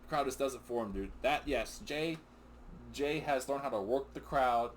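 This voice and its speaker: A man's voice: medium pitch, normal speed, a crowd in the background. A middle-aged man co-hosting a wrestling recap with his son, chatting casually, rambling and getting sidetracked. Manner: excitable, rambling, often sidetracked and laughing. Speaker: co-host of a father-and-son wrestling recap show. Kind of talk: casual chat.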